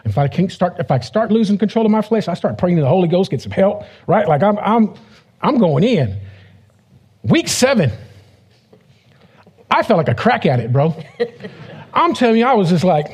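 A male pastor preaches in a loose, joking way and slips into the voices of the people in his stories. His voice is fairly high for a man and sounds mellow and slightly husky. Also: very animated, moderate pace, long pauses. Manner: conversational, joking, acts out quoted voices. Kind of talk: casual humorous sermon.

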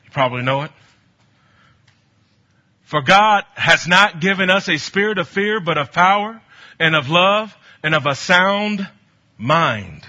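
A man preaching a sermon, telling stories from his ministry and building to bold exhortation, with a husky voice. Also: high voice, a little slow, long pauses. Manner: animated, storytelling, rising to bold exhortation. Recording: dull lo-fi sound.

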